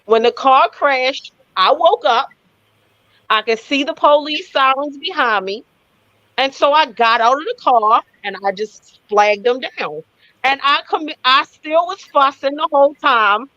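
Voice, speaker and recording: A woman guest telling her story in a live interview, animated, blunt and profane. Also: sits high, a little slow, highs cut off.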